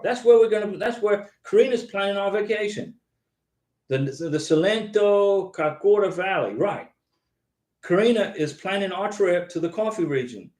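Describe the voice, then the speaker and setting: A man's voice: sits high, a little mellow, echoey room. A man hosting a live stream, chatting casually, reading out viewer comments and answering them by name. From United States. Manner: rambling, chatty, repeats himself, talks to viewers by name. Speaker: host of a live visa advice stream.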